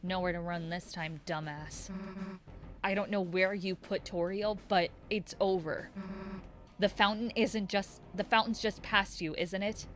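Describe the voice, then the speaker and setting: A woman voicing a tough, brash female monster teen who talks in a gruff, taunting way, reading game lines aloud. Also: medium pitch, steady tone, a little slow, natural voice. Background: game music.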